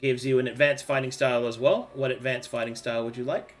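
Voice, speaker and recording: A man's voice: mid-range voice, little pitch movement, fast, faint music behind. A man acting as game master, playfully guiding a player through a level-up in a tabletop game. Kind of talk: running a tabletop game session.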